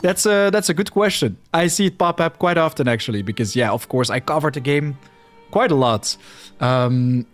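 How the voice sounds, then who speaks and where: Flemish man streaming with animated pitch. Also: moderate pace, faint music behind. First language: Dutch. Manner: rambling, self-deprecating, talks to chat. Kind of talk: casual livestream chat over gameplay.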